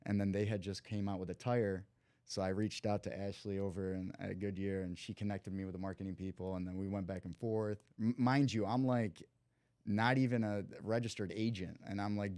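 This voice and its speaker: Close to the mic in a dry recording, a young Cleveland man with a deep, mellow, smooth voice briskly tells a long, casual story as a podcast guest. He speaks in loose slang packed with "like" and performs the quoted dialogue of everyone in the tale.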